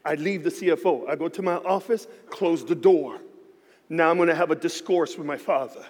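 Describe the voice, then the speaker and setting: A man preaching and telling a story to his church. He acts out the voices in his dialogue, moving between hushed lines and shouts. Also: on the high side, fairly quick, a faint crowd. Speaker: pastor. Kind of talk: sermon storytelling. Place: church sanctuary. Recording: hall reverb.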